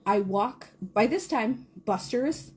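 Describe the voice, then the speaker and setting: A woman in her thirties, a podcast co-host, telling a chaotic morning story in a casual, animated way, often laughing and acting out quotes. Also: slow pace, a little hiss or hum. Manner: animated, laughing, acts out quotes in a high squeal.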